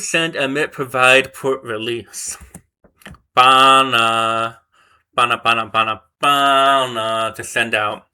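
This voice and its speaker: A man with a very bright, sharp voice, talking casually to himself as he works through flashcards. He mutters, catches his own mistakes and repeats each word several times to make it stick. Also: mid-range voice. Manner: muttering, self-correcting, repeating words to memorize them. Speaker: vlogger learning a language. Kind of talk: casual thinking aloud while studying flashcards.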